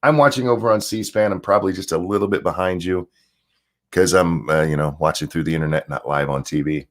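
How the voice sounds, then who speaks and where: A man's voice: low voice, fairly quick. A man ranting casually on a livestream about politics, sarcastic and profane, often restarting his sentences. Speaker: political commentary streamer.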